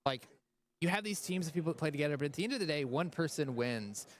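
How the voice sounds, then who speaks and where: Fast-talking man commentating an event. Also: a little high, lively intonation, a little hiss or hum.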